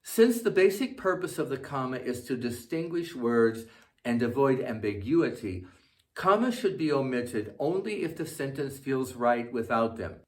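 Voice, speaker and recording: A man narrating a scripted English grammar lesson, dictating example sentences slowly and carefully, saying each comma aloud. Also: medium pitch. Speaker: English teacher.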